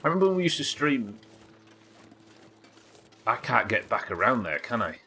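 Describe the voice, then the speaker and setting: A man's voice: medium pitch, very animated, moderate pace, bright, forceful tone, slight background noise. A British man giving live commentary while streaming a game, swearing often, muttering to himself and chatting with his viewers. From Britain.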